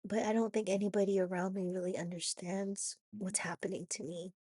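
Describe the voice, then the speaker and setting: A woman with a raspy voice from a cold, talking haltingly in a personal confessional vlog with many restarts and "you know"s. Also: medium pitch, flat delivery, warm tone, no room sound, studio quality. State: hoarse from a cold. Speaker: vlogger.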